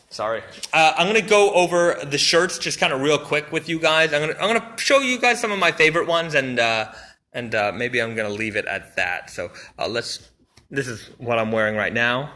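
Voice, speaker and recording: Bright-voiced man rambling about products. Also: medium pitch, expressive, moderate pace. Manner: enthusiastic, rambling, many fillers and restarts. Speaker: brand representative showing new products. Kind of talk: casual live-stream product walkthrough. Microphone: phone or camera mic on a live stream.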